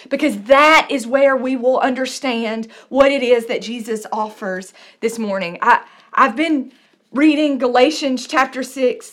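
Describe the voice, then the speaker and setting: A woman's voice: high-pitched, a bit bright. A young adult woman pastor preaching a sermon, telling a personal story with earnest, repeated phrases.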